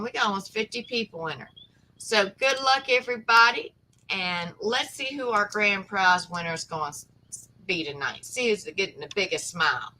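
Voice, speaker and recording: Bright motherly woman. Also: mid-range voice, poor audio. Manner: motherly, encouraging. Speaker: live stream host. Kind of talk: casual live stream chat.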